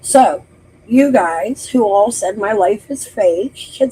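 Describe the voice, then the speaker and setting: A woman's voice: medium pitch, animated, slow, warm tone, husky, rough recording. A woman hosting a casual livestream, talking bluntly and profanely straight to her chat. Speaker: livestream host.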